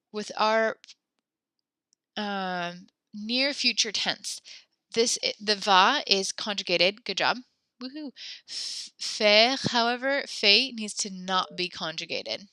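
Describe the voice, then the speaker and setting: A young woman teaching a French class over a video call from home, upbeat and encouraging as she gently corrects her students. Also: mid-range voice, clean tone, no echo. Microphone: computer mic on a video call.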